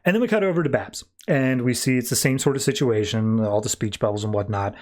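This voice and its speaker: A man hosting a podcast, recapping comics in a casual, chatty way. He talks loosely, with plenty of fillers and restarts, at a middle pitch. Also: fast talker. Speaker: podcast host.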